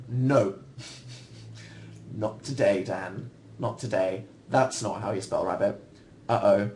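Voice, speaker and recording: A man's voice: lowish voice, moderate pace, darkish tone, a little hiss or hum. A young man hosting a casual livestream, answering viewers in a rambling, self-deprecating way with dry humor. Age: young adult. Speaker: livestream host.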